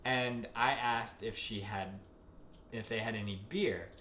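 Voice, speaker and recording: A man's voice: on the low side, steady tone, a little slow, sharp tone. A man co-hosting a casual podcast chat, telling a rambling anecdote with lots of fillers. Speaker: co-host. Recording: echoey room, faint noise.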